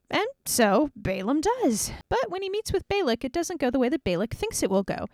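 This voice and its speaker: A woman tells Bible stories in a chatty, playful way, with quick jokes along the way. Her fairly high voice moves up and down a lot. She sounds close and dry. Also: sing-song, a little mellow, no echo. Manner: chatty, playful, wry asides. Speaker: Bible teacher. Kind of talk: casual Bible story retelling.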